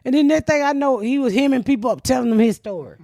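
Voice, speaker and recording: Woman, comedian host, loud profane storytelling, dry close sound. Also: high voice, expressive, quick pace, creaky, no room sound. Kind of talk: casual storytelling chat.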